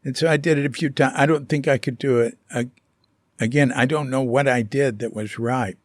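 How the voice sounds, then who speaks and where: A man vlogs about his life abroad, telling a casual story that rambles and halts, full of fillers and restarts. His voice is medium in pitch with fairly even intonation, recorded with studio quality and no room sound.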